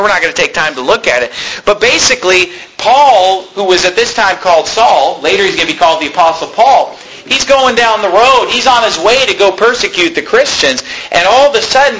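A man's voice: high-pitched, pushed and bright, slight background noise, rough recording. A man pastor preaching a sermon, reading scripture aloud and explaining it to the congregation.

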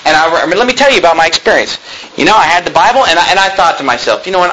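Man, pastor, sermon, emphatic, bright tense voice, faint noise behind. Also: a little high, lively intonation, very fast, rough recording. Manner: emphatic preaching, mocking street preachers with loud shouted impressions.

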